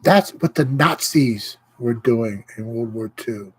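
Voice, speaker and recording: A man hosting his own livestream, ranting with indignation and pausing to greet viewers. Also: medium pitch, darkish tone, slightly rough, poor audio. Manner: impassioned, indignant, greets viewers mid-rant. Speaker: livestream host. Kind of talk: casual livestream rant.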